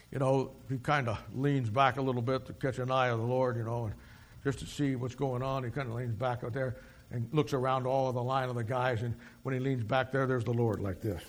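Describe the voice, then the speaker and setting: A male preacher giving a sermon, reading scripture slowly and then retelling it in a folksy, animated way. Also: medium pitch. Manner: reads scripture in slow, solemn tone.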